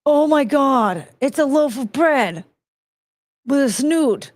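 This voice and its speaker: Slow, cooing woman streamer. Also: sits high, expressive, darkish tone, dry recording. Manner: gushing, cooing at pictures of dogs. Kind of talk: casual live-stream chat.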